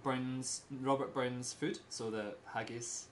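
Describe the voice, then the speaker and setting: A Scottish man giving a casual talk to a small group, in simple slow words and laughing often. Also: medium pitch, steady tone, slight background noise. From Scotland. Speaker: presenter giving a talk about Scotland.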